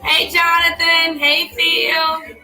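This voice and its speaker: A woman's voice: very high-pitched, monotone, slow pace, sharp tone, faint music behind. A woman co-hosting a church live-stream show, chatting casually and teasingly greeting viewers by name.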